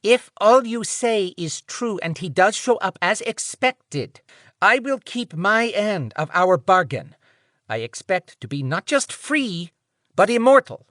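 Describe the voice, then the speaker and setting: A man's voice: high voice, big pitch swings, slow, a bit bright, no echo, clean studio sound, voice pushed up, heavily acted. Man putting on a nasal, grasping male captive. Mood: demanding. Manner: insistent, grasping. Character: nasal-voiced male captive, greedy and demanding.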